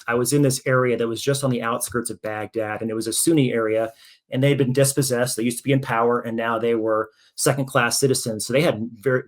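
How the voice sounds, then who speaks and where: A middle-pitched man in his forties tells stories from his past as a podcast guest. He paces them with energy, slipping into other people's voices for their lines. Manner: animated anecdotal storytelling, acting out quoted dialogue. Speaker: guest, author and military veteran. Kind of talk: casual storytelling interview.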